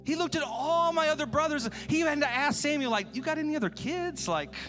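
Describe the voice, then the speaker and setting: A man voicing a defensive, self-pitying biblical king who quietly pleads his excuses. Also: very high voice, animated, fast, soft background music, pitched above the performer's own voice.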